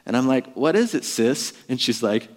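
Pastor, man, 30s, relaxed conversational sermon, filler-heavy, hall reverb. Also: mid-range voice, normal speed. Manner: conversational, self-deprecating, lots of fillers.

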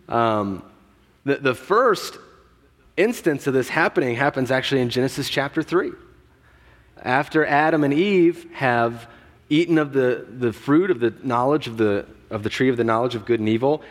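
A man delivers a sermon in an easygoing, conversational way, joking with the congregation and stumbling over restarts and filler words. His voice sits at a middling pitch. A long reverb from the large hall trails each phrase. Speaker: pastor.

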